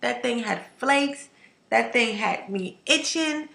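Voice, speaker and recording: A woman hair vlogger chatting to camera in an emphatic, animated way, ranting and repeating herself for effect. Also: on the high side, takes it slowly, gravelly. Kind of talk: casual to-camera chat. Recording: echoey room.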